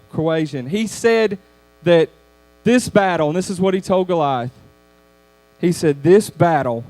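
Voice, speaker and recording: A man giving a youth sermon lesson, in a conversational, animated storytelling manner. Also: on the high side, no room sound. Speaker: youth speaker.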